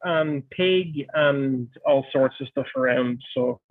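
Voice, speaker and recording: A man's voice: mid-range voice, slow, dry recording. Man, livestream host, casual chat, playful, tinny line, dry sound. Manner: playful, digressive, stumbles over words. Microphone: online call.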